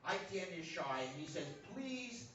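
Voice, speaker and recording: A man's voice: sits high, normal speed, music in the background. Man telling a story from a church pulpit. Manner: animated storyteller, acting out dialogue. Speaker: guest speaker. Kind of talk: sermon storytelling with translation. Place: church sanctuary. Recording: echoey church hall, distant mic, dull lo-fi, faint hum.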